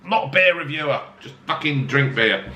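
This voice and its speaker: Sweary, lively man in an echoey room. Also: a little high, fairly quick, lo-fi sound. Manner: blunt, heavy swearing, jokey self-mocking asides. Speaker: beer-tasting vlogger. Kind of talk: casual beer review to camera. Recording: echoey room with faint ambience.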